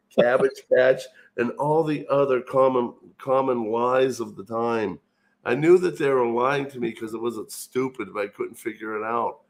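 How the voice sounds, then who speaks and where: An older man chatting casually on a live stream, telling a rambling childhood anecdote full of restarts. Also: mid-range voice. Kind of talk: casual chat, storytelling.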